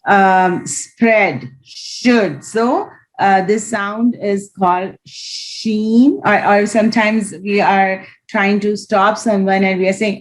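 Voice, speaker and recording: A woman's voice: mid-range voice, fairly even intonation, slow, low-quality recording. A woman teaching Quran reading in an online class, patiently demonstrating each letter sound aloud over a video call.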